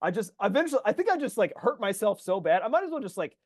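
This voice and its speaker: A man co-hosting a podcast in casual chat, telling animated stories and swearing freely as he acts out his own frustrated yelling. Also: sits high, quick pace. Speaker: podcast co-host.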